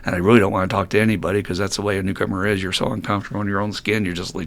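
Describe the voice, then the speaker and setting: A man's voice: low-pitched, level tone, racing, a little hiss or hum. A man hosting a recovery podcast who tells a candid personal story in a blunt, self-mocking way, swearing freely and laughing often. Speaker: podcast host.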